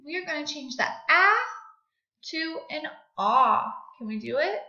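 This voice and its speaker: Woman teacher, high bright voice, very slow exaggerated phonics drills, echoey room. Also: animated. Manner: slow, exaggerated sounding out of words for children. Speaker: second grade teacher. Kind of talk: online phonics lesson. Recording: echoey room, dull lo-fi audio.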